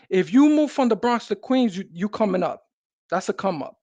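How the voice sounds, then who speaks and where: High-voiced streetwise New man. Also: sing-song, normal speed, a little mellow, no echo, dull audio. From New York City. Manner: streetwise slang, emphatic. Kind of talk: casual conversation.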